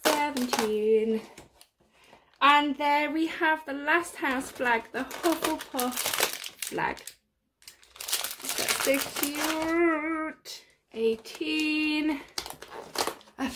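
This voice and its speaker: A woman chatting through an unboxing, her voice high and swooping with lively pitch jumps. She gushes and gasps over each find and talks at an unhurried pace. Plastic crinkling and clicks sit clearly behind her. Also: background noise. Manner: gushing, gasps often. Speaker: unboxing vlogger. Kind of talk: casual unboxing commentary.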